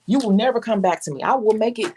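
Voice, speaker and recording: A woman's voice: a little high, fast talker, slight background noise. A woman nail technician talking casually and bluntly to her viewers, telling stories with slang and the odd curse. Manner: candid, blunt, animated storytelling with slang and cursing. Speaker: nail technician and channel host. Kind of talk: casual talk to viewers, reading live comments.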